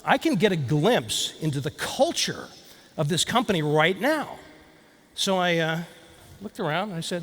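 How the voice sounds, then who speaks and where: A man's voice: a little high, sing-song, normal speed, fairly bright tone. A man giving a motivational keynote speech, telling a story and speaking directly to the audience. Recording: long hall reverb.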